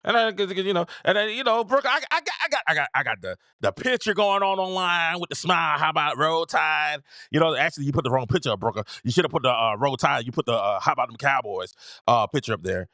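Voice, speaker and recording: A man hosting a call-in sports talk show, talking in an animated, exasperated way and often repeating himself. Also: a little high, fast, no echo, studio quality.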